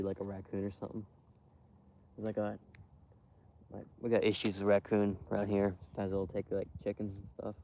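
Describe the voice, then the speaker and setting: Low gravelly hushed man outdoors. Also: slight background noise. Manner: hushed, rambling, lots of fillers and restarts. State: cold. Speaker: hunting streamer. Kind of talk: quiet rambling live-stream chat. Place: outdoors in a windy field edge.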